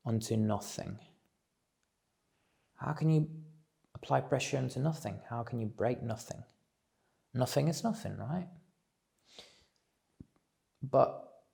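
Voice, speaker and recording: A man at home giving a reflective solo talk, measured and musing as he thinks aloud. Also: medium pitch, vocal fry, a little mellow. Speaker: speaker on self-development.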